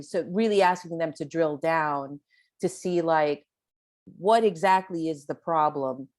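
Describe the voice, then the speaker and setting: A woman's voice: low-pitched, measured pace, a little mellow. A woman speaking on a panel discussion, conversational, with frequent restarts and "right?" tags. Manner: conversational, with restarts and light laughs; questioning, says "right?" often.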